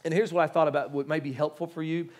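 Pastor guy preaching easter, pretty high voice, talks casual with lots of stumbles and restarts. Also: level tone, fast talker, darkish tone. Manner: conversational, stammering restarts, pleading; casual slang, joking asides. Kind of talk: sermon.

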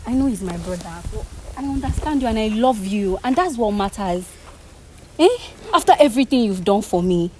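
A woman's voice: medium pitch, animated, fairly quick, darkish tone, slight background noise, poor audio. Emotional pleading young woman. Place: outdoors at a block-making yard.

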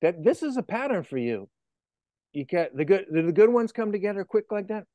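A man's voice: sits high, expressive, fairly quick, no echo, muffled recording. A man hosting an interview, chatting casually and encouraging his guest with enthusiasm. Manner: enthusiastic, encouraging, laughs often. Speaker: interview host.

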